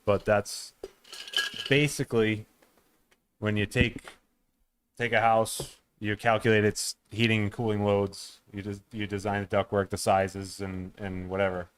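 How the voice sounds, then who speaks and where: Low, smooth-voiced male home builder. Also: little pitch movement. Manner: plain, measured explaining. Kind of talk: casual chat.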